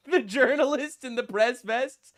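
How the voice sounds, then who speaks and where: A sarcastic man riffing through casual reaction commentary, his voice sitting noticeably high for a man. He talks bluntly and crudely, tossing in slang as he goes. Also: takes it slowly, fairly bright tone. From United States. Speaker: political commentary host.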